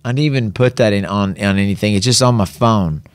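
A man telling a long, animated story as a guest on a talk show, slipping into the voices of the people in it. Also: on the low side, clean tone, no echo. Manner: animated, drawn-out storyteller who slips into quoted voices. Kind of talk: casual storytelling.

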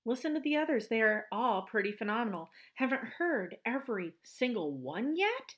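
A woman hosting a podcast, bubbly and quick to laugh. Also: fairly high pitch, very animated. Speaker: podcast host. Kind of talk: casual interview chat.

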